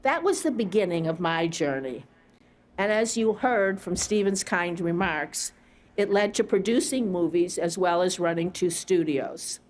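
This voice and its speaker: A woman's voice: fairly low pitch, expressive, a little slow. A middle-aged woman giving a commencement speech from a stage, telling her own story in an earnest, reflective way. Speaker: commencement speaker. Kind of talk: prepared ceremony speech. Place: on a stage at a graduation ceremony.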